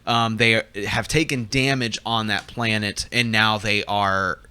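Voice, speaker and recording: Bright-voiced man chatting on a podcast. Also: fairly low pitch, fairly even intonation, measured pace, clear, resonant tone. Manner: chatty, with frequent fillers and restarts. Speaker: podcast co-host. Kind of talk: casual fan discussion.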